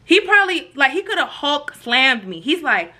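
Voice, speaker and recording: A woman with a bright, forceful voice pitched a little high tells a storytime straight to her viewers. She is animated and slangy and acts out each quote as she goes. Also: moderate pace. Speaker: storytime vlogger. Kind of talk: casual storytime addressed to viewers.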